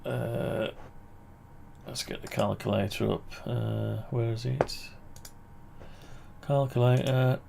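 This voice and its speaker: A man's voice: mid-range voice, steady tone, slow pace, vocal fry, pauses often, background noise. A man walking through his amateur radio antenna project on screen, thinking aloud and correcting himself as he goes. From United Kingdom. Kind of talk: casual screen-share walkthrough.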